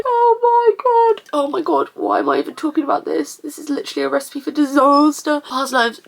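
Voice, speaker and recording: A woman's voice: mid-range voice, vocal fry, a bit bright. A woman vlogging in a casual confessional way, rambling emotionally with lots of fillers.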